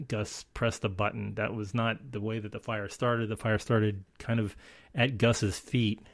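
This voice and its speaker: A man in a relaxed conversation who wanders through his points, doubling back on his words and leaning on "uh" and "you know." His voice sits at an ordinary middle pitch. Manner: rambling with frequent restarts and fillers. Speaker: podcast co-host. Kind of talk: casual chat.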